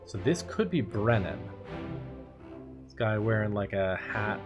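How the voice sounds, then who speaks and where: A man's voice: on the low side, animated, measured pace, muffled recording, over music. A man streaming a video game, thinking aloud and musing in casual commentary.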